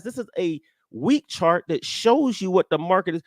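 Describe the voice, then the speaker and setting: An American man hosting a casual stock market chat show, talking emphatically, repeating himself and jumping into high-pitched outbursts. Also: expressive, moderate pace, few pauses, dry recording, clean studio sound. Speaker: stock trading show host. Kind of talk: casual live-stream talk.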